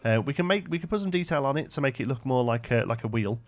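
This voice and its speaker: Talking fast with lively intonation, a young man at a medium pitch provides casual commentary while live-streaming a building game. He thinks out loud and chats with his viewers, dropping in fillers often.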